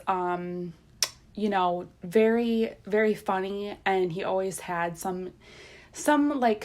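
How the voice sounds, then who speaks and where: A woman co-hosting a podcast who speaks in a reflective, halting way with many fillers. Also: fairly low pitch. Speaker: podcast co-host. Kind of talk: casual chat.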